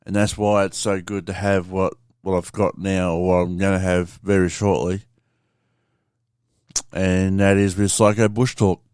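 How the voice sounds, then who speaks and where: A man's voice: low voice, little pitch movement, measured pace, darkish tone, clear, resonant tone, no echo, clean studio sound. A man hosting a podcast, rambling casually through a story and swearing freely as he talks to his listeners. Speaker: podcast host.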